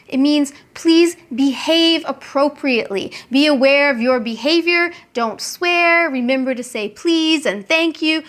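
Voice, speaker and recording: High-pitched woman, English teacher, clear deliberate delivery, slow model phrases. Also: a bit bright. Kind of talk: scripted English lesson.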